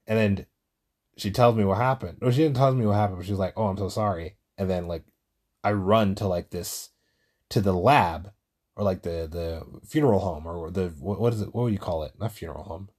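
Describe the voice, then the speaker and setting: A man hosting his own show, telling a story in a rambling, profane, casual monologue and getting louder when he is worked up. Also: fairly quick. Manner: gets loud and high-pitched when excited. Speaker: podcast host.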